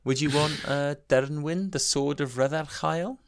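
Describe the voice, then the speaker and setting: Welsh lad on a podcast, gravelly fry in his voice, swears a lot, casual chat. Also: on the high side, fairly even intonation, measured pace, no room sound. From Wales. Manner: sweary, laughing banter. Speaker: podcast co-host.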